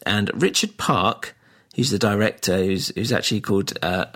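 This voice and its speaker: A man's voice: on the low side, normal speed, fairly bright tone. A man hosting a podcast, recapping a film plot in casual chat, laughing often and quoting mockingly. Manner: amused, recapping a plot with laughs and mock quotes. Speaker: podcast host.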